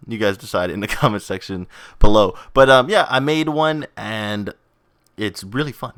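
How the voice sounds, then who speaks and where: Rambling young man, low voice. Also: normal speed, fairly bright tone, no room sound, studio quality. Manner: rambling, self-mocking, laughs often. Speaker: gaming video host. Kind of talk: casual vlog chat over gameplay.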